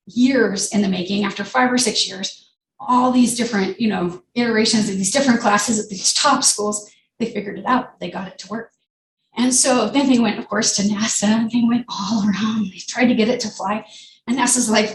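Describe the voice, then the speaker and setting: A woman speaking at a radio club meeting, telling stories in a lively way and acting out the people in them. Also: fairly high pitch, moderate pace, a little hiss or hum. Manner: animated, acts out the people in her stories. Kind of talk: lively storytelling talk. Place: meeting room. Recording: roomy, distant mic with faint ambience.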